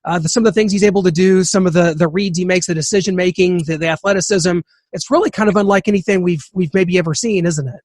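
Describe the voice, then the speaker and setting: A man's voice: high-pitched, quick pace, hardly any pauses, darkish tone, dry recording, clean studio sound. A man hosting a radio interview, asking long, rambling questions padded with fillers and hedges. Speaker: radio show host.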